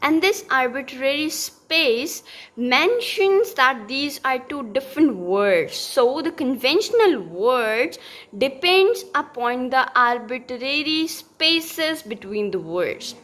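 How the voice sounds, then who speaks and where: Slow high-voiced woman teaching linguistics. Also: expressive, a bit bright. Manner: explaining slowly, with many fillers and restarts. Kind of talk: recorded linguistics lecture.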